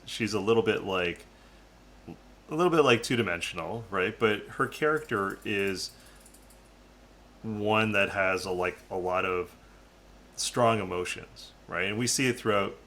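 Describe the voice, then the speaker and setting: A man with a low-set, bright and forceful voice talks through his opinions in a relaxed podcast review. He hedges as he goes and keeps checking in with "right?". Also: a little hiss or hum. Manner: hedging, tags statements with "right?". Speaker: podcast co-host. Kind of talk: casual review chat.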